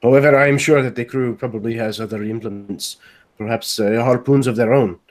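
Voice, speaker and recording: A man's voice: medium pitch, steady tone, a little fast, close to an everyday voice. A man voicing a polite male archer adventurer who speaks formally. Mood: courteous. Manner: formal, polite in-character speech.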